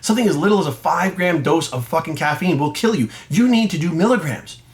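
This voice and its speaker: A man's voice: fairly high pitch, fairly quick. Blunt, profane man ranting to camera. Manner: blunt, profane, animated storytelling. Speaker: fitness coach and vlogger.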